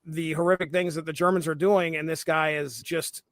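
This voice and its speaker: A man's voice: on the high side, steady tone, fairly quick, a bit bright, dry recording. A man co-hosting a comics podcast in casual chat, rambling with many fillers and restarts. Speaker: podcast co-host.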